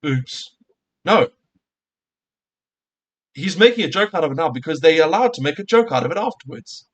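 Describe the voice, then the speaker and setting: A man's voice: a little high, animated, fairly quick. A male streamer in a casual reaction rant, heated and profane, firing off rhetorical questions at his viewers.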